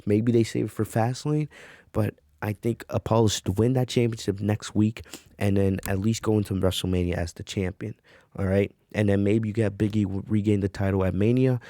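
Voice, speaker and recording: A man's voice: lowish voice, mellow, dry recording, clean studio sound. A man hosting a wrestling review podcast, talking casually with lots of fillers and "right?" tags.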